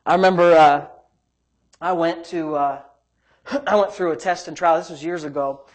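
A man's voice: on the high side, fairly even intonation, normal speed. A male pastor preaching a sermon in an emphatic, repetitive way, often breaking in with praise. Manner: emphatic, repetitive, frequent "praise God" interjections.

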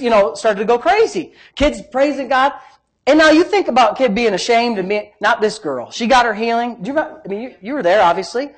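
A middle-aged man preaching, a pastor telling a healing story in an animated way, swinging between loud and soft and laughing as he talks. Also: very high voice, fast talker. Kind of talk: sermon storytelling.

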